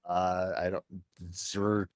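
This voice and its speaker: A man's voice: sits low, level tone, slow, clear, resonant tone, dry recording. A man playing a tabletop role-playing game, making dry, joking remarks. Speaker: player. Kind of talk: casual tabletop role-play.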